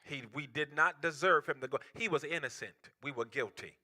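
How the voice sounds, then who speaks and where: Bright-voiced preaching man, impassioned. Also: a little high, moderate pace. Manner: impassioned preaching, swinging from loud outcries to hushed near-whispers. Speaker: pastor. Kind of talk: sermon. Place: church.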